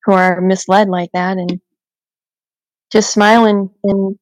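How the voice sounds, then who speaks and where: A woman's voice: mid-range voice, level tone, a little slow, darkish tone, no room sound, low-quality recording. A woman co-hosting a casual podcast chat, telling everyday stories with frequent restarts and "you know".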